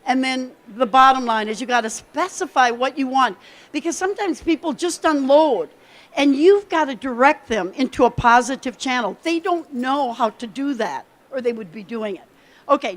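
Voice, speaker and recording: A woman giving a lively conference workshop talk, coaching the audience directly from the stage. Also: high voice. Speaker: keynote speaker.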